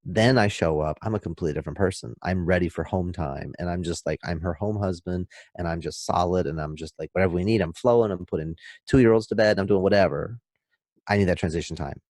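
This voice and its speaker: Guy with a lowish voice, punchy and animated, dry close sound. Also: fast, dry recording. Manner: emphatic and animated, acts out scenes. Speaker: podcast guest. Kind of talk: casual podcast talk, explaining.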